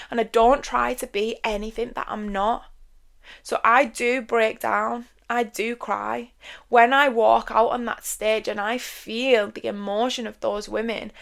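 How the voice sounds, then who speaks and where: A woman's voice: fairly high pitch, vocal fry, a bit bright. A woman hosting a podcast, speaking emphatically and from the heart in a blunt, confessional monologue. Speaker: podcast host.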